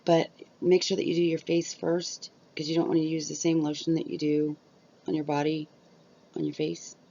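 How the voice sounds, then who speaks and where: A woman's voice: low voice, flat delivery, moderate pace, vocal fry, mellow. A middle-aged woman chatting casually to her viewers from home, rambling with lots of fillers, recorded on a cheap mic. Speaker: YouTuber. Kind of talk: casual chat to camera. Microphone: cheap built-in camera mic. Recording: dull lo-fi sound.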